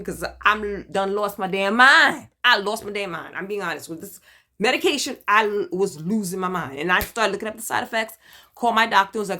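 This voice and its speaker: A middle-aged woman from Brooklyn with a Brooklyn accent, chatting in a candid video diary, animated and dramatic, hyper and talkative. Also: brisk. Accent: Brooklyn, New York. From Brooklyn, New York. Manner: animated, dramatic, with emphatic swings in pitch and loudness. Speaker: vlogger sharing her cancer journey.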